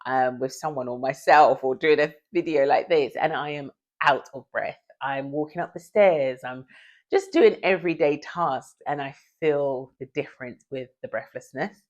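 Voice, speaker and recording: A woman's voice: extremely low pitch, normal speed, muffled recording. A woman vlogging from home in casual chat, chatty and confiding, often out of breath.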